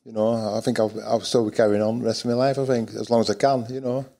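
An older man from the North West of England whose accent carries a bit of Dutch. He chats in a relaxed, rambling way, full of fillers, restarts and mates, as an interview guest. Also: medium pitch, fast. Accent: Northern English with some Dutch. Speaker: guest angler. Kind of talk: casual interview chat.

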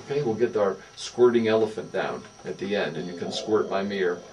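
A speech therapist coaches a young child through voice exercises, giving encouraging, sing-song praise in a low, slightly mellow voice at a fairly quick pace. The session takes place in an indoor therapy room. A distant mic picks it up along with a faint mains hum.

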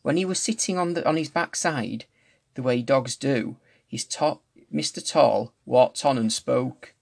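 A man reads a novel aloud chapter by chapter, occasionally stumbling, then restarting and correcting a line. His mid-range voice is gravelly and a little slow.

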